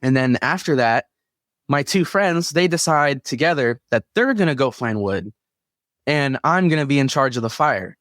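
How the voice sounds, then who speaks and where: A young man from Kansas telling a camping story in a casual, animated way, laughing now and then and quoting himself. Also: mid-range voice, normal speed, dry recording, clean studio sound. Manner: animated, laughs between lines, quotes himself. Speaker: guest telling an encounter story.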